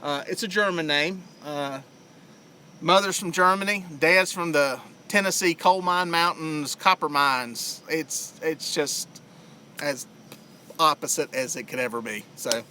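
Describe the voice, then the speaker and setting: A man's voice: on the high side, measured pace, sharp tone, a little hiss or hum. A middle-aged man with a Southern US accent, chatting casually to viewers on a live fishing stream outdoors by a lake, rambling with plenty of fillers. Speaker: fishing livestream host.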